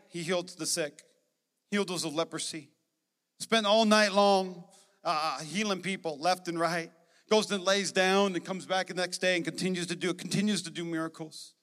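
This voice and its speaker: A man preaching a sermon as pastor, energetic and emphatic, with joking asides to the congregation. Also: high-pitched, long reverb tail. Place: church sanctuary.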